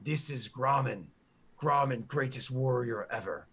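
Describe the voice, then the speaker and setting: A man's voice: fairly bright tone, slightly rough. A man voicing a boastful, dim-witted male orc guard who speaks in broken grammar. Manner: broken grammar, slow booming praise.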